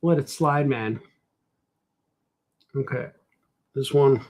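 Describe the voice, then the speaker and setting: A man's voice: mid-range voice, slow, darkish tone. A man, a cartoonist, chatting casually while he draws, rambling playfully and joking to himself. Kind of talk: casual chat while drawing.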